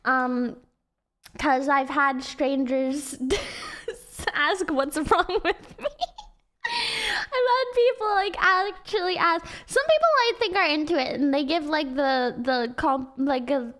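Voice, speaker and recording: A woman's voice: expressive, slow, fairly bright tone. Giggly young woman with a childlike voice. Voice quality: very high, childlike voice. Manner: chatty, giggly, rambling. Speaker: streamer. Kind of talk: casual livestream chat.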